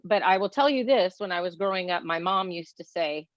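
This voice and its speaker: A talkative, outspoken woman from Texas, leaning on fillers as she chats. Her voice sits a little low, and it comes through dry and dull, a touch lo-fi. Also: a little fast, no room sound. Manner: chatty, outspoken, many fillers. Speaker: guest. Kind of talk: casual conversation. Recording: dull lo-fi sound.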